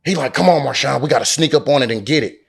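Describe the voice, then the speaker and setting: A man's voice: medium pitch, fast, creaky, husky. A man from Oakland, an interview guest telling a story casually and animatedly, acting out the dialogue and swearing often. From Oakland, California. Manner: animated, acts out quoted dialogue, heavy slang and swearing. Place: lounge in a Las Vegas resort.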